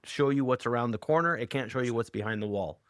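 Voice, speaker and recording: A middle-aged man talks earnestly about his ideas as an interview guest, pausing to reflect. His voice sits at an ordinary pitch. The recording is close and dry, with no room echo. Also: a bit bright. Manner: earnest, reflective, acts out quoted lines. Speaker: guest, hypnotherapist and author. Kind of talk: conversational interview.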